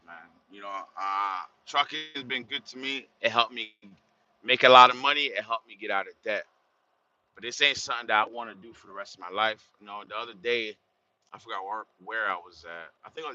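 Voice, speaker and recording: A man who drives a truck, talking bluntly and casually in a streetwise way, swearing freely as he films from the cab on the highway. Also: bright, forceful tone. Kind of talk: casual vlog while driving. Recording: dull lo-fi sound.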